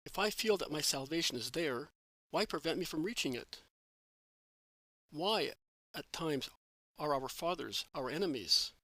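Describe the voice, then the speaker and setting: A man's voice: fairly high pitch, animated, measured pace, sharp tone, no room sound, heavily acted, poor audio. A man reading an earnest young disciple. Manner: heartfelt, searching questions. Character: earnest young male disciple, devoted and pleading.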